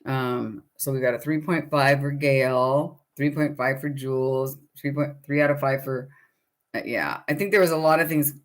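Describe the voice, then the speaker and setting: A woman's voice: very deep voice, steady tone, normal speed. Chatty middle-aged woman hosting a book club. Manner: chatty, rambling, greets viewers by name. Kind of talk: casual livestream chat.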